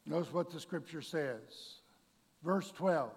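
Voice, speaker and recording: A man preaching a sermon to his congregation, bursting into shouted, drawn-out emphasis and calling them folks and church. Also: fairly high pitch, animated, husky. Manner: addresses the congregation directly. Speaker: pastor. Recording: long reverb of a large hall.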